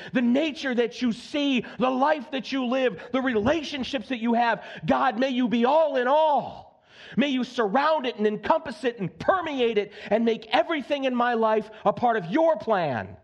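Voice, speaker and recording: A man's voice: high voice, gravelly, slightly rough, dull audio. A male pastor preaching a sermon in a conversational, joking way, with frequent asides and repeated phrases for emphasis.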